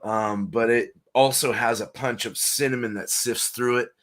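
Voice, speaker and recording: A man's voice: medium pitch, fairly even intonation, normal speed, a bit bright. A man guest-reviewing a stout on a casual beer show, talking with enthusiasm and lots of fillers. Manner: enthusiastic, loose and filler-heavy.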